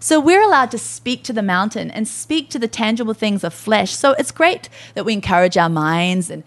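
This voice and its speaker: A woman's voice: mid-range voice, animated, normal speed. A middle-aged woman co-hosting a faith-based podcast, talking earnestly and emotionally about grief and hope. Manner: earnest, emotional, quotes herself speaking to her body. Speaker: podcast co-host.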